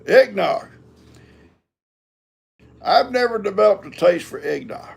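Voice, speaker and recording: Gravelly older man, slow folksy talk. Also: sits high, expressive. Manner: rambling and folksy, talks to his cats. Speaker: live-stream host. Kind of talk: casual chat.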